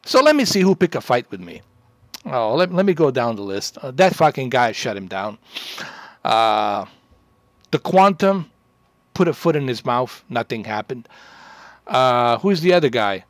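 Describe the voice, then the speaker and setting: A man's voice: mid-range voice, big pitch swings, a little slow, long pauses, dry recording. A man chatting on a livestream in a boastful, rambling, profane way.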